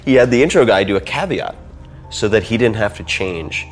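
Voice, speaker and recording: A man hosting a podcast, chatting casually and animatedly, swinging between loud and soft and acting out quotes. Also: fairly low pitch, animated, fairly quick, soft background music. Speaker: podcast host. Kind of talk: casual chat.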